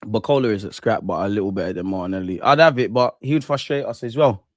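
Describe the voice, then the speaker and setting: A man's voice: fairly low pitch, quick pace, dry recording. A young man, commentating a football match live and chatting with viewers in a slangy, ranting way. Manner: slangy, ranting, talks back to chat. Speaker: football watch-along streamer. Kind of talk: live casual commentary and chat.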